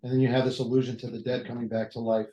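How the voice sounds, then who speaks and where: A man's voice: mid-range voice, level tone, racing, mellow, lo-fi sound. A man leading a Bible study, talking through the text in a conversational way, thinking aloud and restarting phrases. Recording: echoey room.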